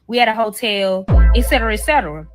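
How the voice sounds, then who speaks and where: Animated woman telling a profane story. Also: fairly high pitch, fast, faint music behind. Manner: animated, profane, acts out the other people's lines. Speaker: storyteller in a played clip. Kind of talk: casual story time.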